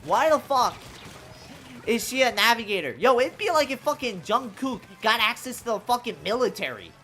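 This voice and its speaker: A young woman streams a game and rants freely, her voice leaping up and down with lively swings. She swears often and keeps tossing in "bro". Faint game music plays under her talk. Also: on the high side, normal speed. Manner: ranting, profane, animated, says "bro" often. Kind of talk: casual live-stream commentary while gaming.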